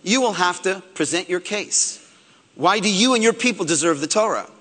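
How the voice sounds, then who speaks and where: A man voicing God as a calm, patient, fatherly figure, in a large reverberant hall. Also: high voice, normal speed.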